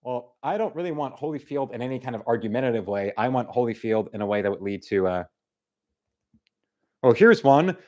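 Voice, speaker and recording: A man's voice: medium pitch, expressive, a little fast, darkish tone. A man hosting a live stream, chatting casually and reading viewer comments in a rambling way. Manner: rambling, with many fillers and restarts.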